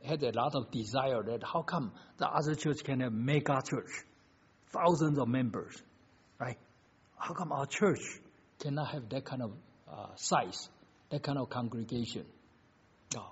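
A man's voice: medium pitch, unhurried, pauses often, slightly rough. A man preaching a sermon, emphatic and full of rhetorical questions, in slightly non-native phrasing. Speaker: pastor. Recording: dull lo-fi recording.

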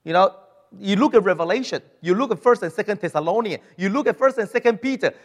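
A man preaching a sermon in animated style, acting out quoted voices and speaking with non-native grammar. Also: sits high, quick pace, long reverb tail.

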